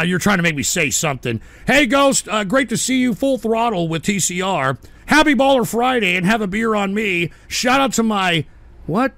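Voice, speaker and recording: High, ranting, profane male streamer. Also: vocal fry, bright, forceful tone, dry recording. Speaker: livestream host. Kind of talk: casual live-show commentary.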